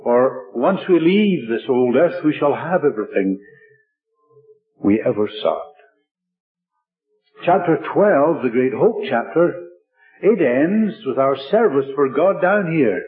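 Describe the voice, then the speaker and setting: A man preaching a sermon in a measured, emphatic way, stressing his points through repetition. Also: mid-range voice, expressive. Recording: tinny lo-fi radio broadcast with faint music.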